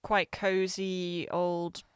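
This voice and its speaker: A woman co-hosting a podcast, talking things through in a thoughtful, hedging way. Her voice sits a little low and sounds smooth and resonant, recorded close and dry. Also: level tone, drawn-out words, dry recording. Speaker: podcast co-host. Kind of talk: casual chat.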